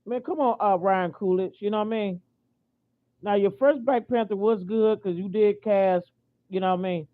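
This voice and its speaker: Speaking at a moderate pace with medium pitch, this American woman from the United States vlogs a casual opinion rant. Her tone is indignant and repetitive, full of fillers, with sentences she breaks off and starts again, all captured in thin, phone-like sound.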